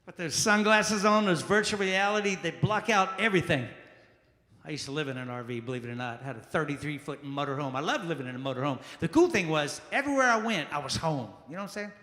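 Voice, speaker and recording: A man from Charleston doing a loud, punchy stand-up set and working the crowd in a small jazz club. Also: fairly high pitch, lively intonation, quick pace. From Charleston, South Carolina. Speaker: stand-up comedian. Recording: echoey club room with long reverb.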